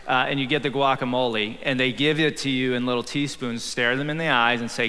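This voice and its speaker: A man, a pastor, preaching a sermon in a church with humor and a casual, conversational way of talking, sometimes raising his voice to a shout. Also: medium pitch, fairly even intonation, fairly quick, slight background noise. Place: church sanctuary. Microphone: handheld or headset microphone. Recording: live hall reverb.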